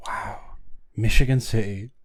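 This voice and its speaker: A man's voice: lowish voice, steady tone, measured pace. A man co-hosting a podcast, bantering casually and teasing his co-host. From Ireland. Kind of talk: casual chat.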